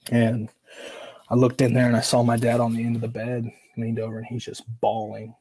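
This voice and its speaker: A man with a husky, slightly breathy voice recounts a painful memory as a podcast guest. His pitch stays flat and even while he talks casually, leaning on fillers and acting out what others said. He comes across as earnest and openly emotional. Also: brisk, low-quality recording. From Oregon, USA. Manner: casual, filler-heavy, acts out quoted dialogue. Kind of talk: personal storytelling in conversation.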